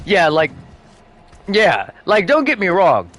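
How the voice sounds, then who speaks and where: Man, streamer, casual chat, swears a lot, laughs often, very lively pitch. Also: slow pace. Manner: animated, profane storytelling with bursts of laughter. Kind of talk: casual chat while gaming.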